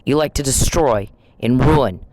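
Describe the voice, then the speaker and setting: A man's voice: mid-range voice, measured pace, darkish tone, slight background noise, poor audio. A man vlogging, speaking in a confrontational, accusing way straight to someone he blames. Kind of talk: monologue video addressing an absent person.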